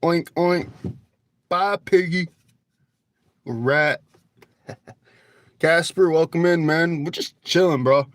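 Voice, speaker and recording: A relaxed man talks to his livestream chat from his phone, pitched a touch high. He takes his time, drawling along and cracking jokes with a loose, profane ease. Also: takes it slowly, pauses often, dry recording. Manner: laid-back, joking, swears freely, talks to chat. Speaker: livestream host. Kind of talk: casual livestream chat with viewers. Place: outdoors at night near a store parking lot. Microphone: phone camera.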